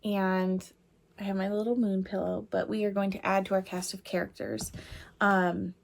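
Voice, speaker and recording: A woman's voice: medium pitch, fairly even intonation, normal speed, gravelly. A young adult woman who makes crochet things, chatting casually to camera in a rambling way with lots of fillers. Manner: giggly, laughing hard. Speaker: crochet designer and vlogger.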